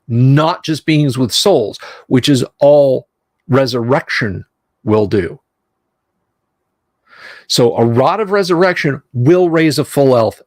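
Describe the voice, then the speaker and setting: A middle-aged man hosts, reading passages from a game rulebook and breaking off into rambling personal asides. His voice is gravelly and fry-laden, recorded dry and close, with a mid-range pitch and frequent self-corrections. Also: no room sound. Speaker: host. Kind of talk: reading a rulebook aloud with commentary.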